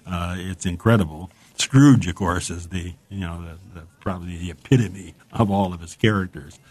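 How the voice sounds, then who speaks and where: A low-pitched man talks about books in a loose, chatty way. He wanders from thought to thought, full of enthusiasm, and sometimes stops to read a passage aloud. His tone stays conversational throughout. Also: normal speed, darkish tone. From United States. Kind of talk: casual chat about books.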